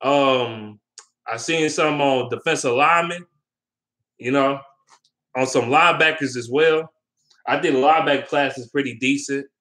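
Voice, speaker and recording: A young man with a bright, forward voice talks sports off the cuff. He rambles from one opinion to the next, slangy and loose, full of ums and restarts, in a middle-pitched voice. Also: moderate pace, pauses often. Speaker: sports vlogger. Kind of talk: casual sports talk.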